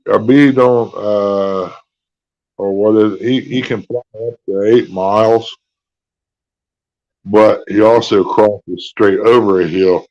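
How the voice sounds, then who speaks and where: A man hosting a live stream, chatting in a slow, folksy drawl. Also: on the low side, fairly even intonation, darkish tone, muffled recording. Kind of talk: casual chat. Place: hospital room.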